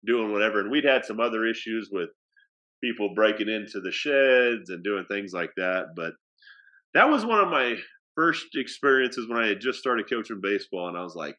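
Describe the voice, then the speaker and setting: A man's voice: fairly low pitch, lively intonation, normal speed, pushed and bright, muffled recording. A man working as an athletic director, telling a story casually with many fillers and restarts.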